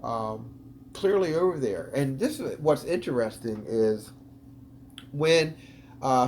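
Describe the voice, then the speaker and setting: A man's voice: on the high side, darkish tone, slight background noise. A man hosting a video, talking casually and eagerly over footage, with lots of ums and restarts. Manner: chatty, enthusiastic, many ums. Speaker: video host analyzing footage.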